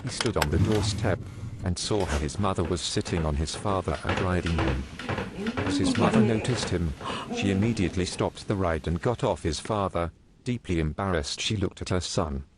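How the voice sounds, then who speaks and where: A man telling crude jokes as a narrator, in a deadpan storytelling manner with teasing rhetorical questions. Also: deep voice. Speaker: joke narrator. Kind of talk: scripted joke storytelling. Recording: noisy background hiss.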